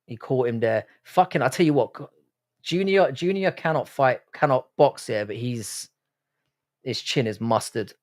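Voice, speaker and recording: A man's voice: medium pitch, expressive, moderate pace, a little mellow. An Irish man hosting a live fight watch-along stream, reacting casually and profanely and reading out chat messages. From Ireland. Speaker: livestream host.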